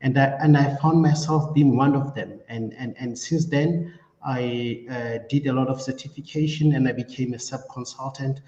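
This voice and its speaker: South african guy in a mock interview, mellow voice, halting, echoey dull audio. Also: medium pitch, steady tone. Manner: hesitant, many fillers and restarts. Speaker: job candidate. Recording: echoey dull room sound.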